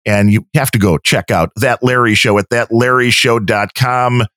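A man's voice: mid-range voice, normal speed, a bit bright, dry recording, clean studio sound. A man co-hosting a podcast in casual, rambling chat, often breaking off his sentences. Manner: rambling, self-interrupting. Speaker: podcast co-host and editor.

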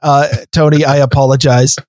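A man co-hosting a podcast, telling stories in animated, casual chat with laughs. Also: medium pitch, normal speed, no echo, clean studio sound. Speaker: podcast co-host.

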